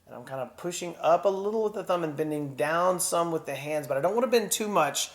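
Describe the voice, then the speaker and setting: A man teaching a children's puppetry lesson in a gentle, encouraging way, breathing and sighing aloud to show each emotion. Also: on the high side, lively intonation, fairly quick.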